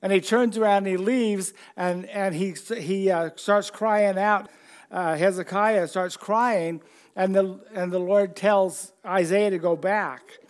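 A man's voice: high voice, steady tone, slow pace. A man preaching a conversational sermon, repeating phrases over and over for emphasis.

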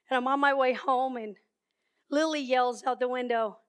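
A woman's voice: high voice, steady tone, normal speed, smooth. A woman preaching a sermon, telling stories and repeating words for emphasis. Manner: storytelling, emphatic repetition.

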